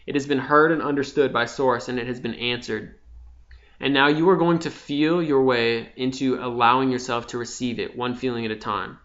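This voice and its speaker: A young man giving an impassioned, profane spiritual monologue, dropping from hushed to loud. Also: medium pitch, fairly even intonation, normal speed. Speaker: vlogger. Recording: slightly dull lo-fi sound.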